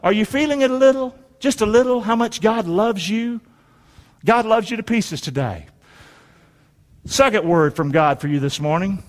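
A man's voice: high voice, lively intonation, normal speed. A man preaching a sermon, leading the congregation in call-and-response and reading scripture aloud. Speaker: pastor. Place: church sanctuary. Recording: long hall reverb.

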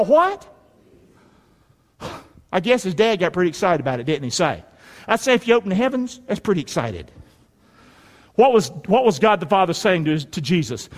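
A male pastor preaching a sermon in a folksy, emphatic way, calling for amens and swinging between shouts and quiet asides. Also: high-pitched, very animated, normal speed, pauses often. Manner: call-and-response preaching, asks the congregation for amens. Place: church. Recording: preaching in a reverberant hall.

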